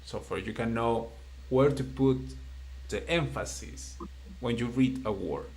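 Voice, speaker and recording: A man teaching a beginner class in English, patient and encouraging as he explains rules slowly. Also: medium pitch, gravelly, a little mellow, slight background noise. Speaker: Spanish teacher. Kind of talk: live-streamed online language lesson.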